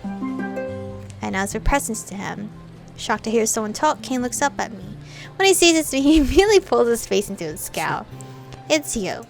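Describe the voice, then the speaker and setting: A young woman reading a visual novel aloud in an animated, playful way. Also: a little high, moderate pace, vocal fry, faint music behind. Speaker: game streamer.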